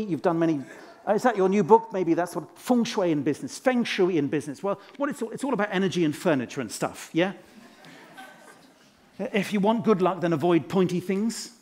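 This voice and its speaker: A man with a high, darkish voice and lively intonation speaks briskly as a boastful motivational-speaker character in stage comedy. Playing a self-infatuated management guru, he fires off rhyming wordplay and quizzes the crowd from a conference stage.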